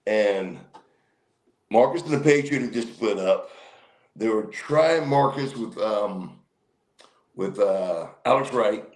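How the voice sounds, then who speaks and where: A man in his fifties with a fairly low voice, sitting as a guest and telling long stories from his wrestling days. He wanders through his sentences with fillers and restarts. He jumps into livelier voices whenever he quotes someone. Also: animated, takes it slowly, long pauses, a little mellow, poor audio. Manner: rambling, with many fillers and restarts; acts out quoted people in a livelier voice. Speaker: guest, former pro wrestler. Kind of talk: casual storytelling in an interview.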